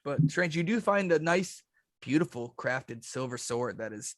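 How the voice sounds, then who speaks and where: A man narrating as dungeon master, describing rooms and loot in a laid-back, halting way. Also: mid-range voice, lively intonation, no room sound, studio quality. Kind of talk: narrating a tabletop game over a call.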